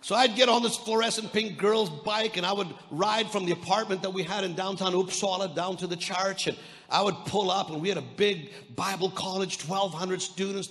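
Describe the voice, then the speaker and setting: Canadian pastor guy preaching, high voice, lots of stumbles and restarts, big echoey church hall. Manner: energetic preaching with repeated restarts and stammers; storytelling, quoting voices of others. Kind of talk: sermon.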